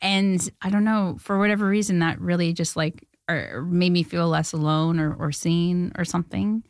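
A woman in her thirties from Canada, telling stories as an interview guest in an animated way, with frequent laughs and fillers. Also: on the low side, normal speed, dry recording, clean studio sound. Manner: animated storyteller, laughs often, many fillers. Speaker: filmmaker guest. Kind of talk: casual interview chat.

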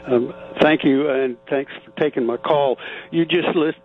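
A man's voice: a little high, faint music behind. Male caller on a tinny phone line. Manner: halting, with many fillers and repeats.

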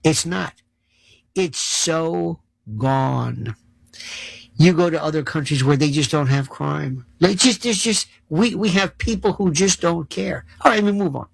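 A man's voice: a little high, unhurried, creaky, dry recording. A man delivering solo political commentary, sarcastic, rattling off long lists of issues.

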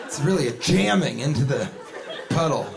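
High-voiced man doing stand-up comedy. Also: moderate pace, vocal fry. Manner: animated, jumps into loud put-on voices and shouts. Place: comedy club stage with a live audience. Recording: live club recording with crowd laughter and noise. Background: audience laughing.

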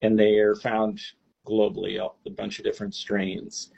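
Low husky man explaining, lo-fi audio. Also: monotone, a little mellow. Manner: measured, explanatory. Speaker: state epidemiologist. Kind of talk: interview answers. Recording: dull lo-fi interview audio.

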